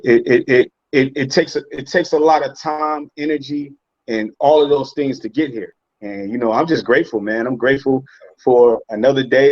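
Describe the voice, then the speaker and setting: A man's voice: medium pitch, no echo. Forties man with a Southern US accent, hyped emphatic guest, dry muffled audio. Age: 40s. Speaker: guest, real estate entrepreneur. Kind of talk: casual interview chat. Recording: dull, dry sound.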